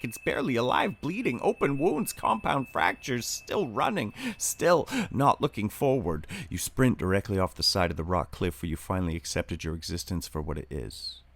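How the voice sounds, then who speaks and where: A man reading his own horror poetry in second person, steady at first and building to urgent intensity. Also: on the low side, creaky.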